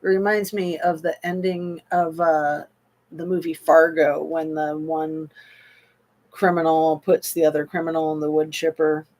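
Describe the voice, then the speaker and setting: A woman hosts a casual livestream, unhurried and rambling, with many pauses and fillers. Her voice sits a little low for a woman, and she answers viewer comments as she goes. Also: little pitch movement, a little mellow. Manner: slow, meandering, with frequent pauses and fillers; reads viewer comments aloud and answers them. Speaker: livestream host. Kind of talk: casual livestream chat about a true crime case.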